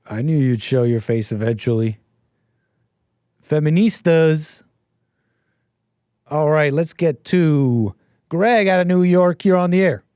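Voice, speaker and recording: A man's voice: a little high, moderate pace, darkish tone, clear, resonant tone, dry recording. A man hosting a call-in show, talking casually and rambling, with lots of restarts and easy laughs.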